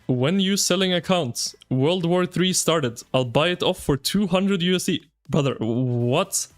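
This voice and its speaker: A man streaming live, chatting with his viewers in an excitable, slangy, ranting way. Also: fairly high pitch, unhurried, faint music behind. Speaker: game streamer. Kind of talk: casual live-stream commentary.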